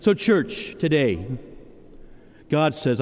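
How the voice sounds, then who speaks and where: A man's voice: a little high, slow, warm tone. Earnest preaching man, echoing church hall. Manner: earnest, personal testimony with stammered restarts. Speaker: pastor. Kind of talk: sermon. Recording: long hall reverb.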